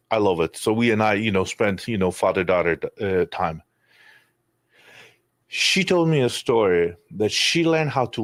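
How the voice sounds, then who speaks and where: Low-voiced man telling raw personal stories. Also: no room sound. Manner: emotional, rambling with restarts and swearing. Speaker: podcast guest. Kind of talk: candid conversational storytelling.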